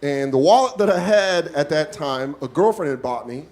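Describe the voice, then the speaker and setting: A man doing stand-up storytelling, animated, profane and self-mocking, in a comedy club. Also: on the high side, moderate pace.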